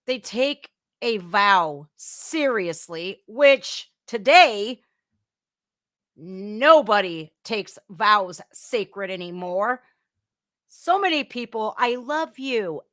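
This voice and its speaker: A woman's voice: a little high, no echo, clean studio sound. A woman hosting a reaction podcast, talking bluntly and scolding what she watches. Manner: blunt, scolding, laughs loudly. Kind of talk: casual commentary reacting to a video clip.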